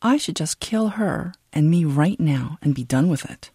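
Woman doing a furious middle-aged father, volatile, yelling and muttering, dry audiobook read. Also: sits low, expressive, moderate pace, husky, no echo. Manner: shouting in bursts of rage, then bitter muttering.

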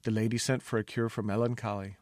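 A man's voice: lowish voice, flat delivery, fast talker, darkish tone, no echo, close to an everyday voice. A man voicing a thin, sickly young food taster who speaks glumly. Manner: glum, mournful.

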